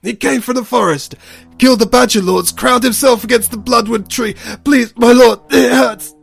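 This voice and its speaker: A man's voice: sits high, expressive, measured pace, creaky, a little mellow, husky, faint music behind, voice pushed up, full character voice. A man voicing a male badger traitor who is being crushed, begging in a strained, breathless voice. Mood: gasping pleading.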